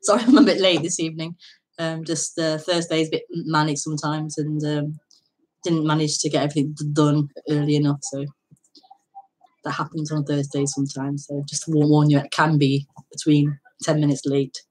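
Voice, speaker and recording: A woman hosting a live spiritual talk, speaking in a relaxed, hesitant way, repeating words and laughing softly between thoughts. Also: low-pitched, poor audio. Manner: slow, hesitant, halting speech that repeats words. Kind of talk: casual, reflective live talk.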